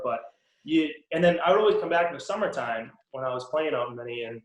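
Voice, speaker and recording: A young man with a Boston accent, a guest in a casual interview, relaxed and rambling with many ums and restarts. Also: mid-range voice, fast talker. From Boston area. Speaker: podcast guest, pro hockey player. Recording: roomy echo.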